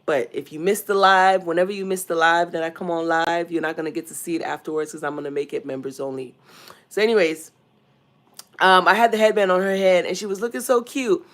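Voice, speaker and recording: A young woman from Nigeria, speaking with a Nigerian accent, hosts a laid-back livestream at home and names viewers as she greets them. Her delivery is brisk, low-pitched, and steady in tone.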